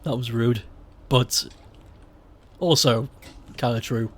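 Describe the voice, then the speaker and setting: A man's voice: a little high, lively intonation, unhurried, pauses often, fairly bright tone. A young man from Stoke chatting casually on a gaming live stream, swearing freely and laughing often. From Stoke-on-Trent, England. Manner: swears a lot, laughs often, rambling and candid. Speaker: game streamer.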